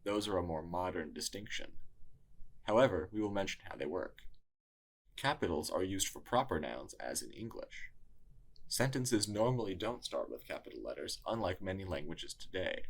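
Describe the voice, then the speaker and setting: A man narrating a scripted language lesson in a measured teaching tone. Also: low voice, expressive. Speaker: tutor.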